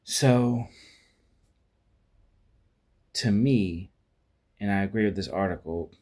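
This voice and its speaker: A man's voice: fairly low pitch, takes it slowly, warm tone. A man giving a casual spoken film review, rambling with frequent restarts and fillers and acting out quoted lines as he retells scenes.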